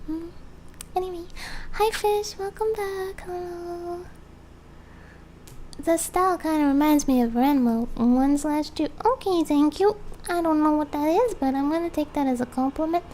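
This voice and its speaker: Young female streamer, chatty and giggly, rambles while drawing; high, warm tone. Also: a little slow. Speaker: streamer and artist. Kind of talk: casual live-stream chat. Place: home, background noise heard. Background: faint lawnmower noise.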